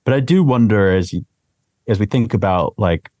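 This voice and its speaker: A man hosting a podcast interview, putting a long question to his guest with halting phrasing, many restarts and fillers. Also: fairly low pitch, expressive, a little mellow, no room sound. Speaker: podcast host.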